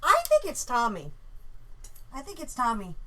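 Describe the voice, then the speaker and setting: A woman casually telling a story about a dream, animated and swearing freely. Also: a little high, moderate pace.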